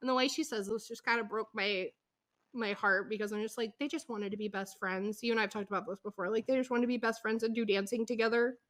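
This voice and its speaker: A woman's voice: fairly high pitch, fairly even intonation, fast, a bit bright. A middle-aged woman co-hosting a casual podcast, telling the story animatedly with acted-out quotes. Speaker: podcast co-host.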